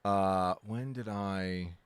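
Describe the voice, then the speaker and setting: A man's voice: sits low, very slow, clean tone, no echo. A man chatting casually on a live game stream, rambling and correcting himself as he goes, joking and poking fun at himself. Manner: rambling and self-correcting, with frequent restarts; jokey, self-deprecating and exaggerating.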